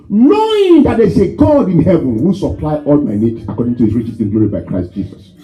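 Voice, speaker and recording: High-pitched, animated preacher man. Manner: emphatic, rising to shouts and repetition. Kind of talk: sermon. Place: church hall. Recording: dull, lo-fi church recording.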